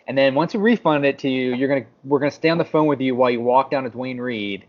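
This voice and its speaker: He's a fast talker with a mid-range voice, co-hosting a podcast and narrating a story in casual chat. Animated throughout, he acts out what others said, on slightly dull lo-fi audio.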